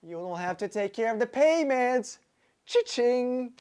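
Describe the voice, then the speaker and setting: A man's voice: high-pitched, lively intonation, moderate pace, darkish tone, clear, resonant tone. A man hosting a casual live-stream Q&A, blunt, joking and profane, reading out viewers' names and questions. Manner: talks to viewers by name, with frequent fillers and restarts. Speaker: livestream host answering chat questions about cars.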